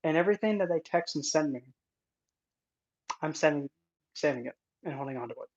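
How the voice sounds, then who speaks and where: Speaking briskly in an animated, medium-pitched and slightly mellow voice, an occult content creator gives sarcastic, indignant vlog commentary. The recording is dull and lo-fi.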